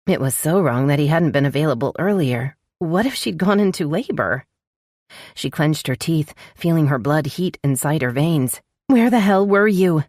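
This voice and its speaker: A woman narrating a romance audiobook in an expressive, scripted style, close to the mic. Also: moderate pace, no room sound. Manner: expressive, voices dialogue with sharp pitch jumps.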